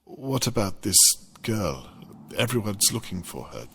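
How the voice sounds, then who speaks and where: A deep-voiced captive detective. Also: male voice, big pitch swings, measured pace, gravelly, a bit bright, a little hiss or hum, heavily acted. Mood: confronting. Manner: urgent, pleading. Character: captive male detective, desperate and pleading. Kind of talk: video game voice acting.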